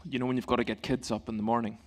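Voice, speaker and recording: A middle-aged male pastor giving a sermon in a church, in a calm, gentle, conversational way. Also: medium pitch, very fast.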